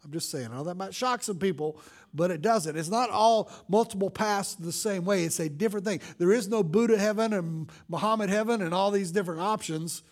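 A pastor giving a conversational sermon, with loose fillers and slow, dramatic readings of scripture lines. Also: male voice, high voice.

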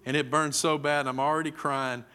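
A man's voice: a little high, level tone, a little fast, pushed and bright, clean tone. A middle-aged man, a preacher telling a story in a sermon, acting out the voices vividly. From Texas. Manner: vivid, dramatic storytelling with acted-out quotes.

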